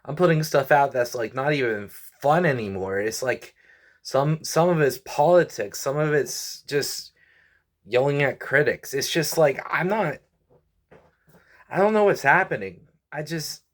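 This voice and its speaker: This venting vlog features a man in his twenties, a comedian and YouTuber, speaking in a mid-range voice at a measured pace yet animated. He comes across frustrated and tired, rambling on while sighing and saying sorry frequently.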